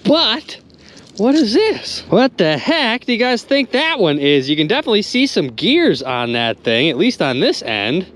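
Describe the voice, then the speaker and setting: A man hosting a magnet fishing vlog from a boat on a river, exclaiming excitedly and talking straight to his viewers. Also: high voice, normal speed. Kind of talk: excited outdoor vlog narration. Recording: clear outdoor boat and water noise. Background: boat and water noise.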